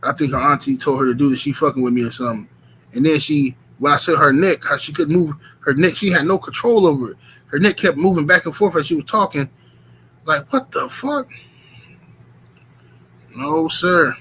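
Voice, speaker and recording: Male streamer, animated profane storyteller, bright edgy tone. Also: fairly high pitch, fast talker, a little hiss or hum, poor audio. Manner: profane, animated, rambling with lots of filler. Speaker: streamer telling stories to chat. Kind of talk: casual storytelling.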